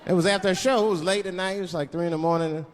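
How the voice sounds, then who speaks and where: A man's voice: high voice, very fast. A man doing a stand-up comedy routine on stage, telling stories with sudden voice impressions, speaking into a handheld mic. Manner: animated storytelling with sudden voice impressions. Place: large theater stage. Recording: live show in a reverberant hall with crowd laughter. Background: audience laughing.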